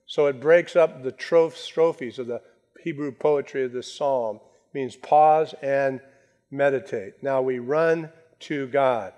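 Guy preaching a sermon, leans hard on the key words, slows right down to hammer them in. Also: mid-range voice, a little mellow. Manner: emphatic preaching, slows down to stress key phrases. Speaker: pastor.

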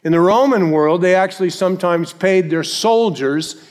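A man's voice: sits high, darkish tone. Emphatic preaching man in a reverberant church. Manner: emphatic preaching, repeats key phrases, slows for emphasis. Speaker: pastor. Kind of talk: sermon. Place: church sanctuary. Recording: long reverb of a church hall.

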